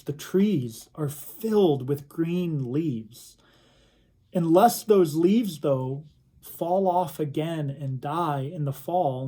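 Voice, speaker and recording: A young adult man giving a recorded reflection sermon for a church youth group, telling stories slowly and earnestly. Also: on the high side, mellow. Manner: slow, earnest storytelling.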